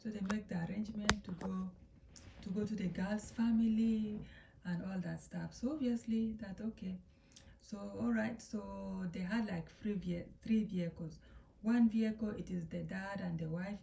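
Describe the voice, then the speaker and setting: A woman chats through a family drama story, acting out the quotes and dropping into whispers for effect. Her voice is gravelly and mellow. She sounds set back from the phone in an echoey room. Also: medium pitch, moderate pace. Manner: chatty, animated, acts out quotes, drops to whispers. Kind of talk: casual storytime narration. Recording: echoey room, distant from mic.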